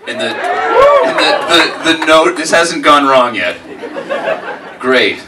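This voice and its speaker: Performing stand-up live in a comedy club, a man with a fairly high, expressive voice takes his time, rambling, putting himself down, and leaning on "like" and "man." The mic sounds distant, with crowd noise around him.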